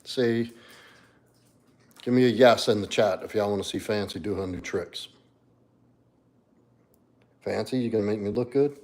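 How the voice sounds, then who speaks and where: With long pauses and a slightly slow delivery, this man speaks in a lowish, a little mellow voice. He's a fitness coach hosting an informal livestream, relaxed as he answers chat questions and talks to his dog.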